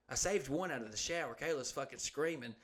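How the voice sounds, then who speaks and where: A man's voice: mid-range voice, normal speed, fairly bright tone. Profane rambling man telling a story. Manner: profane, rambling, swearing constantly, acts out voices in anecdotes. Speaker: podcast co-host. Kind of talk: crude casual storytelling.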